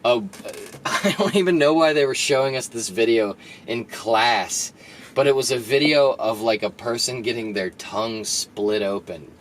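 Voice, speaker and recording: A young man co-hosting a podcast, laughing often and teasing his co-host as he tells animated stories, recorded on camera audio. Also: medium pitch, normal speed, a little hiss or hum. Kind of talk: casual chat.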